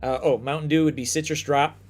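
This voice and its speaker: A man from the United States hosting a casual chat show, telling stories in a lively, profane way. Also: on the high side, fast, faint music behind. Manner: animated, profane storytelling. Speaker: host.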